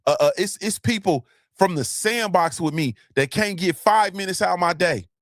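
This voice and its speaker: A man's voice: high-pitched, normal speed, dry recording, clean studio sound. A man hosting a motivational live-stream talk, emphatic and blunt, repeating his points and cussing freely. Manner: emphatic, repetitive, blunt and profane. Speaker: host.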